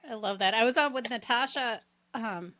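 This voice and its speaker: A woman with a Massachusetts accent, a podcast guest who chats casually, laughs often, and reacts quickly. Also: on the high side, fairly bright tone, dry recording. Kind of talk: casual chat.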